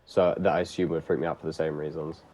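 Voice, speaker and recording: A man in casual chat on a stream, speaking hesitantly and haltingly. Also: a bass voice, flat delivery, darkish tone, muffled recording. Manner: hesitant, halting with many ums and restarts.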